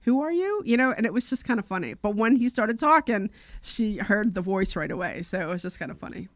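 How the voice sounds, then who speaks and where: A woman's voice: mid-range voice, brisk, dry recording. Chatty woman co-host on dry radio. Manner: chatty storyteller, lots of "yeah" and "you know". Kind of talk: casual radio chat.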